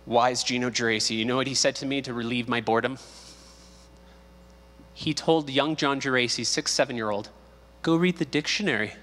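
A man's voice: mid-range voice, fairly even intonation, fairly quick, long pauses, fairly bright tone. A man in his thirties, a pastor teaching a casual Bible study, joking and acting out quotes as he goes. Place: church sanctuary. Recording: long hall reverb.

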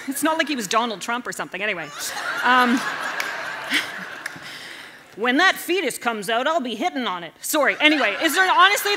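A woman in her forties telling comedic stories on stage, animated and self-mocking, jumping into loud character voices. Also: high-pitched, noisy background. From Canada. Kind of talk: stand-up storytelling talk. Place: stage at a live event.

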